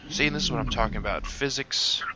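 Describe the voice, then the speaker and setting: With a mid-range voice and some background noise, a young man who runs a gaming channel chats casually over his game. His talk wanders with fillers and casual swearing, broken now and then by hiccups and throat-clearing.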